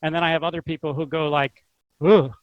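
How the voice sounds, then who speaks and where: An older man who loves to talk, expressive and never monotone. His voice sits high for a man. It comes across dry and close, with no room sound around it. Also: fast, smooth, no room sound, muffled recording. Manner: talkative and expressive, not monotone. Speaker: chess instructor, interview guest. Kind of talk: casual interview chat.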